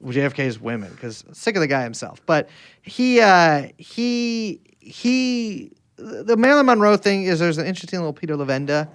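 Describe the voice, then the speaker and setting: Animated man riffing on a podcast. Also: high voice, moderate pace, clean tone, dry recording, clean studio sound. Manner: rambling, jokey, frequent restarts. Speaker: podcast co-host. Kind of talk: casual podcast banter.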